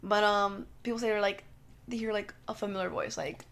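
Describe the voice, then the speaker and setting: A woman's voice: medium pitch, brisk, fairly bright tone. A woman, co-hosting a podcast, chatting casually in a rambling way full of "like". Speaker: podcast co-host. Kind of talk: casual chat.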